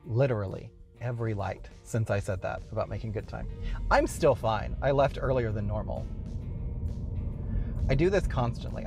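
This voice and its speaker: A man's voice: mid-range voice, gravelly. A man hosting a casual show from his car while driving, rambling with wry, exasperated asides. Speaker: host.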